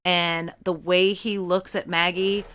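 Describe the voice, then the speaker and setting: A woman co-hosting a podcast in casual chat, emphatic and excitable, swearing when worked up. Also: lowish voice, takes it slowly, smooth. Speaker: podcast co-host.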